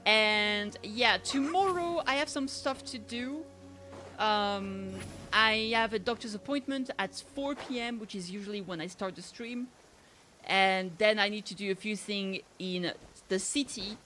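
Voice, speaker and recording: A woman's voice: mid-range voice, a little slow, pushed and bright, soft background music. A woman from France with a slight French accent, chatting casually with her stream viewers in a rambling way, full of fillers and restarts.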